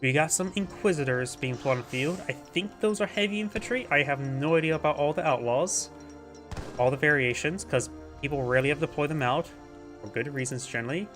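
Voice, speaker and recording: A man's voice: fairly high pitch, fairly quick, fairly bright tone, soft background music. A man with a stuffy, congested nose giving casual live commentary on a strategy game, thinking aloud and correcting himself as he goes. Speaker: game caster.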